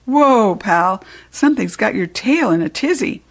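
A woman reading a storybook aloud, voicing a loud, cheerful male night janitor in a raised, jovial voice. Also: lively intonation, a little slow. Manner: booming, jovial, high and bright.

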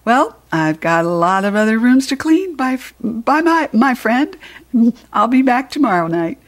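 A cheerful, talkative middle-aged school janitor, voiced by a woman reading a storybook aloud. He jokes and teases warmly, his voice lifting brightly on questions. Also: on the high side, big pitch swings, moderate pace, voice pushed up. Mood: jovial. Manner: jovial, chatty, teasing.

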